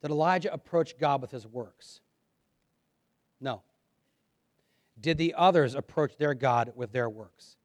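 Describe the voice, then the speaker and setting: A man preaching a sermon and reading scripture aloud, moving between quiet asides and loud, dramatic passages. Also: mid-range voice, unhurried, pauses often, no echo. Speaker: pastor.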